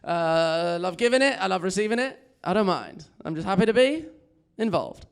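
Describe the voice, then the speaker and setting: A young English stand-up comedian with a high, gravelly yet smooth voice performs at a moderate pace with big pitch swings. Chatty and self-mocking, he laughs at his own jokes in front of a comedy club audience.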